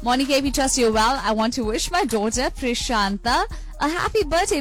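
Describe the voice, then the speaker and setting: A bubbly, chatty woman hosts a radio show from the studio, her voice sitting fairly high. She reads listener messages and laughs easily, with soft music under her. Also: moderate pace. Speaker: radio presenter.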